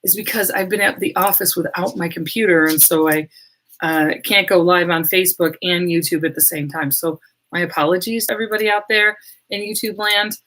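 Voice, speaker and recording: A woman's voice: fairly low pitch, fairly even intonation, brisk, a bit bright. Chatty woman hosting a casual livestream. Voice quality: slightly hoarse. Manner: chatty, rambling, laughs often. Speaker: medium and livestream host.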